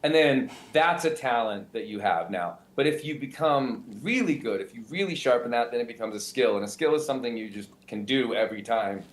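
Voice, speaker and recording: A male comedian and impressionist explaining his craft in an animated, self-interrupting way, often restarting sentences. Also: mid-range voice, brisk, few pauses. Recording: roomy echo.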